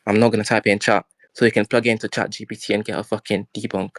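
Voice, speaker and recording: A man's voice: lowish voice, level tone, very fast, dry recording. A man with a noticeable accent in a heated online debate, packing his arguments with dense philosophical jargon and hurling profane insults at his opponent. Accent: non-standard English accent.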